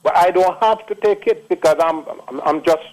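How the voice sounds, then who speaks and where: A man's voice: high-pitched, normal speed, darkish tone, low-quality recording. Jamaican man in his sixties, radio call. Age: 60s. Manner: repetitive, emphatic storytelling. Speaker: caller. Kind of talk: casual phone testimony.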